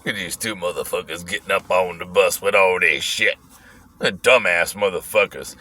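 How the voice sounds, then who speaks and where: A man's voice: deep voice, normal speed, sharp tone, pitched below the performer's own voice. A man voicing a rowdy old one-eyed man who rants profanely on a bus, growling and preachy. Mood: scornful.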